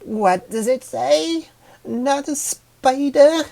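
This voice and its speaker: A man reading a storybook and voicing a hysterical female talking flower with shrill, panicky wailing. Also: drawn-out words, creaky, a little mellow, exaggerated voice. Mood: puzzled.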